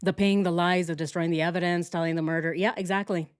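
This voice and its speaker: A woman's voice: on the low side, steady tone, fast, clean tone. Sarcastic woman hosting a reaction video. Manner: sarcastic, laughing, emphatic. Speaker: true crime reaction host. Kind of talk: casual reaction chat.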